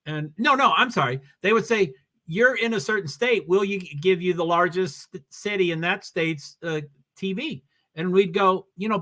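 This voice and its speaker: A man's voice: on the high side, bright, forceful tone. Rambling New England man hosting a livestream. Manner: rambling, reads comments and news aloud. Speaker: livestream host. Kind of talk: casual livestream chat.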